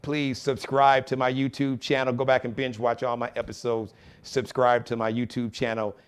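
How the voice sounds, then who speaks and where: A man hosting his own live show, talking with animated, preachy conviction and acting out other people's voices. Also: medium pitch, moderate pace, clean tone. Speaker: show host.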